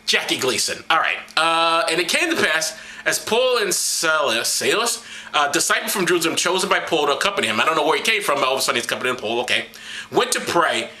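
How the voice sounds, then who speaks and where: A man's voice: on the high side, big pitch swings, fast talker, pushed and bright. Profane man stumbling through a reading. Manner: stumbling, profane, mocking asides. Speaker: comedic Bible reader. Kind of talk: irreverent comedic reading to camera. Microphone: camera.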